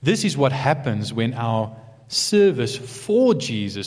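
An earnest male preacher delivering a sermon with a mid-pitched voice that swings widely between emphatic highs and hushed lows. His words carry a long reverb, as if spoken in a large hall. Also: slow pace. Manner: earnest, expressive, occasional soft asides.

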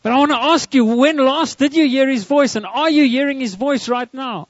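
A man's voice: extremely high pitch, normal speed, dry recording, highs cut off. A man preaching a sermon to a church congregation, earnest and often repeating words as he starts a line. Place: church service.

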